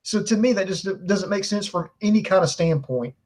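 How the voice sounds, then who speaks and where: A man with a high, husky voice co-hosts a casual podcast chat. He talks in a laid-back way and reasons things through aloud. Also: expressive, fairly quick, a little mellow. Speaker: co-host.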